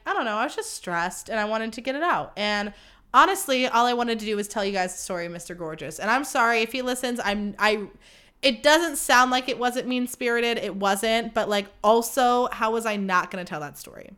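A young woman talking alone into her podcast mic, her voice bright and fairly high. She rants about dating with big dramatic swings, from loud exclamations down to low mutters, and swears freely while mocking herself. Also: lively intonation, brisk, clear, resonant tone. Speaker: podcast host. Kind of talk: candid solo podcast monologue.

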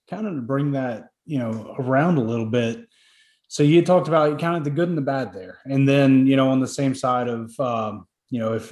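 Host guy talking slow and thoughtful, kinda hesitant, room sounds echoey. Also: mid-range voice, darkish tone. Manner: measured, reflective, hesitant. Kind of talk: casual chat. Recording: roomy echo.

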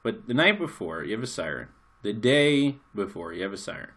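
Animated American man telling a story. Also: fairly low pitch, a little fast. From United States. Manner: animated, jokey storyteller acting out quotes. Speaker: podcast co-host. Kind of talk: casual storytelling chat.

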